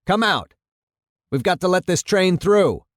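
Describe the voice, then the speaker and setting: A man's voice: sits high, expressive, a little slow, dry recording, clean studio sound, voice pushed up. A man reading the part of an anxious, officious policeman who barks urgent commands. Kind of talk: dramatic reading of a radio play.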